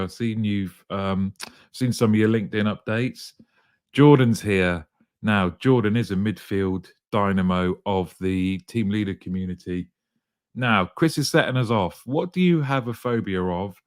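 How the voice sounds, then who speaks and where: A man hosting a live show, cheerfully greeting viewers by name and joking, his throat a little croaky. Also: lowish voice, dry recording, clean studio sound. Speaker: host. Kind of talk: live show chat reading comments.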